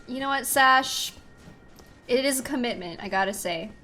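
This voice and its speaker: Chatting with her stream audience at a normal pace, this young woman has a voice on the high side that sounds pushed and bright. Game music runs underneath as she giggles and makes self-deprecating remarks.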